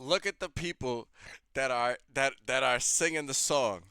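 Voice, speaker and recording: A man's voice: mid-range voice, measured pace, pushed and bright, clear, resonant tone, no echo. A man hosting a reaction show, ranting in blunt, heated, profane commentary.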